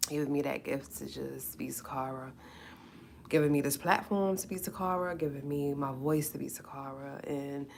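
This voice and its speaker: A woman with a deep, low-pitched voice talks casually to her livestream viewers. She repeats words and phrases again and again for emphasis, and her delivery stays emotional and heartfelt. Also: moderate pace, vocal fry, a little mellow, a little hiss or hum. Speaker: YouTuber and painter.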